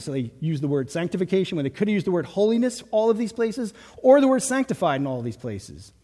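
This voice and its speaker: A man's voice: a little high, dark tone, husky, long reverb tail. A man preaching a sermon as pastor, with an urgent, emphatic delivery. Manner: urgent, emphatic preaching with acted pep talks.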